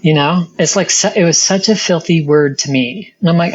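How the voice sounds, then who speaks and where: Husky woman telling her story. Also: low-pitched, lo-fi sound. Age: middle-aged. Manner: earnest, halting storytelling with many restarts. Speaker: interview guest. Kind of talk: personal testimony in an interview.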